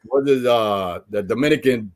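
A man from New York swaps animated, profane stories from his baseball days in a loose, casual chat. He keeps jumping into quoted voices as the story rolls on. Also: medium pitch, normal speed. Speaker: former baseball player, guest.

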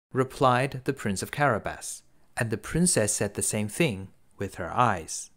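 A man's voice: lowish voice, animated, a little slow, a bit bright. A man reading a classic fairy tale aloud as a bedtime story for children.

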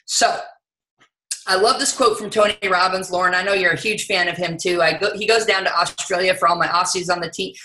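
A woman giving an energetic, conversational sales training talk, often saying "you know". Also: on the low side, fairly quick, reverberant, poor audio.

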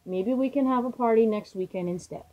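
Woman playing a kind lively girl locomotive. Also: fairly high pitch, fairly quick, lo-fi sound, natural voice. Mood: warm. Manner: comforting, excited.

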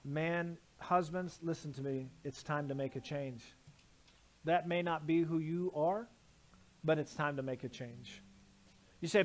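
High-voiced preaching man, emphatic. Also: a little slow. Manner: emphatic preaching with repeated lists. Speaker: pastor. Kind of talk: sermon. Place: church sanctuary.

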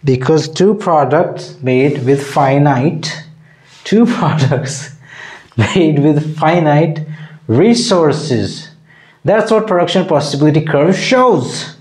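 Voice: medium pitch, lively intonation, slow pace, a little mellow, reverberant. A comedy video creator giving a mock lecture in a teasing, mock-condescending manner.

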